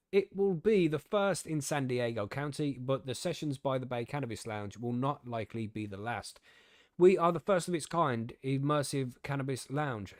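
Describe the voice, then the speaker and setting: A young podcast host from the UK, loose and loud-mouthed, swearing and laughing as he tells stories and reads the news. His voice sits at an ordinary male pitch, recorded dry and close with no room sound. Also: no room sound. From United Kingdom. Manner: swearing, laughing, gobby storytelling. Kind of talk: casual chat, reading news aloud.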